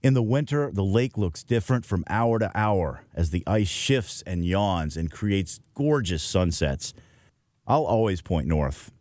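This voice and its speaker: A man's voice: low-pitched, animated, a little mellow, no echo. A middle-aged man hosting a scripted radio segment, reflective and lyrical in manner. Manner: wistful, measured, lyrical. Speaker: host.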